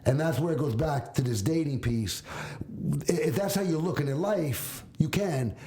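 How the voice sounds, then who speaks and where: A man's voice: fairly high pitch, normal speed, mellow. A middle-aged man hosting a casual podcast, telling earnest personal stories and checking in with "you know what I mean". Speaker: podcast host. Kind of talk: casual mentoring chat.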